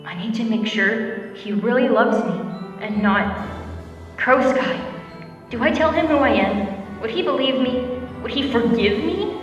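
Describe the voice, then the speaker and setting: Brief: woman reader doing scheming she-cat's inner thoughts, high, mutters, heavy echo effect, soft music bed. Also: a little slow, long pauses, lo-fi sound. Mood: anxious. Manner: anxious, muttering, swears under breath. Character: scheming young female cat spirit, inner thoughts. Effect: echoey reverb on inner thoughts. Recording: echoey reverberant distant effect over music.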